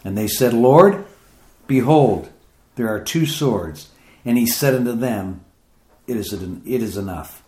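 A man's voice: animated, takes it slowly, long pauses, darkish tone. Man preaching scripture in an echoey room. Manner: reads scripture aloud then comments, rising in pitch as he grows emphatic. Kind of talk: sermon reading and explaining scripture.

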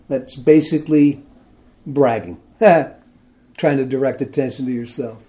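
A man preaching a sermon in a relaxed, conversational way, reading scripture aloud and often asking "see?" to his listeners. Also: medium pitch, slow pace. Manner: conversational, asks "see?" and "isn't that something?"; reads scripture aloud with emphasis. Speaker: pastor.

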